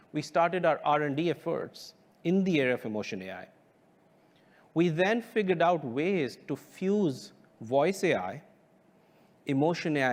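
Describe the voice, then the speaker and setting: A man giving a keynote as a company founder. He speaks in a measured, emphatic way with deliberate pauses. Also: on the high side. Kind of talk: keynote presentation.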